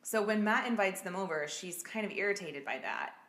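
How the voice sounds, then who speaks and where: A woman host recounts a true-crime story in casual chat, often breaking into giggles. Her voice is bright and clear. The room around her is echoey. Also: mid-range voice, a little fast. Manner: giggly, keeps trying to get back on track. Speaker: podcast host.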